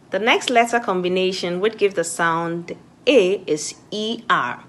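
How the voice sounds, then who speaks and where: A woman from Ghana gives a pronunciation lesson at a slow, careful pace. Her voice sits on the low side. She repeats every example word twice and stresses it clearly. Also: fairly bright tone. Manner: models each word twice, slow and emphatic. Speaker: French teacher.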